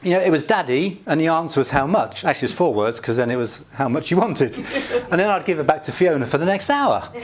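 A middle-aged man delivers a relaxed, conversational sermon in a voice pitched a little above the usual. He keeps it chatty and jovial, chuckling often and sprinkling in asides. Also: very fast, few pauses. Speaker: pastor.

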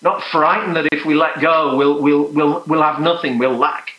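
A man preaching a sermon, earnest and emphatic, sometimes dropping to soft, hushed prayer. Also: on the high side, fairly even intonation, normal speed, echoey room, highs cut off.

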